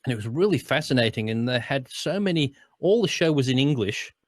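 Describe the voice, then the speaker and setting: A man's voice: medium pitch, expressive, brisk, dry recording. Australian man chatting on a dry mic. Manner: rambling, restarts often, chuckles while explaining. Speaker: co-host, voice-over artist. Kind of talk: casual chat.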